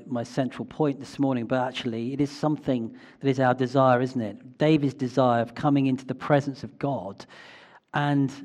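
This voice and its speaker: A preacher man delivers a sermon in a church. His voice sits at a plain middle pitch. He talks in a reflective way and often pauses on small fillers. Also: a little mellow.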